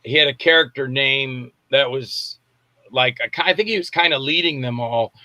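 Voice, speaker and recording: Male director guest, animated storyteller, bright tone, dry close sound. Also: medium pitch, moderate pace, dry recording, highs cut off. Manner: animated anecdotes, acts out voices and shouts. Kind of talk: casual storytelling interview. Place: Tampa area, Florida.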